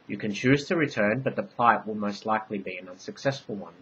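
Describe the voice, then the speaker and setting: A man voicing an ancient all-knowing divine queen, part bee, speaking in solemn, measured pronouncements. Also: fairly low pitch, fairly bright tone, lo-fi sound, a little hiss or hum, natural voice.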